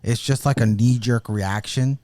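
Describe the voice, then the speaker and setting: A man's voice: mid-range voice, fairly even intonation, measured pace, darkish tone, no room sound. A man co-hosting a podcast, earnestly giving marriage advice in casual chat and often restarting his phrases. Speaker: podcast co-host.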